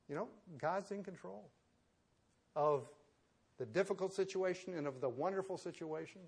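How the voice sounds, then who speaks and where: A man's voice: a little high, animated, moderate pace, husky. A man preaching a sermon as pastor, moving from conversational storytelling into emphatic preaching.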